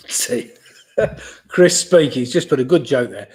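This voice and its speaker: A man in his sixties runs a home quiz stream with a bouncy, up-and-down delivery. He reads each question slowly and deliberately, then repeats it. Between questions he drifts into relaxed, chuckling asides. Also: medium pitch. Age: 60s. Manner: chatty, chuckles often, asides about beer. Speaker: pub quiz host. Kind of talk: live-streamed quiz, casual chat.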